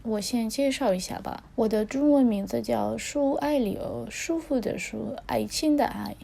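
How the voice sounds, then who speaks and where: A woman's voice: fairly high pitch, moderate pace, creaky, warm tone. A woman in her twenties with a Russian accent, a Russian native speaker, talking in a playful, self-mocking casual vlog. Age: 20s. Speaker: vlogger.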